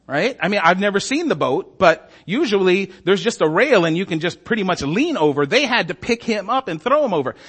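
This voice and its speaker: Animated high-voiced man preaching. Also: fairly quick, few pauses, husky. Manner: animated, acts out voices, asks "right?". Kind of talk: sermon storytelling.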